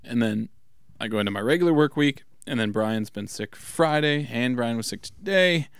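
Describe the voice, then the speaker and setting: Casual male podcast co-host, mid-pitched, chatty, dry close mic. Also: expressive, smooth, dry recording. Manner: chatty, quick to mimic others in put-on voices. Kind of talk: casual chat.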